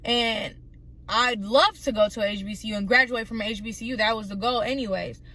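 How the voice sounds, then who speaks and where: A young woman telling a story in a casual, animated way while eating on camera, with plenty of indignation. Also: a little high, fairly quick. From Tennessee. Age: young adult. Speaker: vlogger. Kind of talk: mukbang storytime rant.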